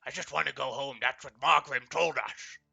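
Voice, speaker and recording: A man doing a cocky, gravelly lizardfolk raider chief. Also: medium pitch, normal speed, pushed and bright, muffled recording, faint music behind, heavily acted. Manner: blunt broken speech, cocky and dismissive. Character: brash boastful male lizardfolk raider leader. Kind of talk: live tabletop role-play.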